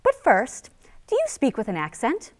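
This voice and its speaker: A woman's voice: high voice, huge pitch swings, normal speed. A woman from Connecticut hosting a local news magazine show, upbeat and playful. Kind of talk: light local news presenting.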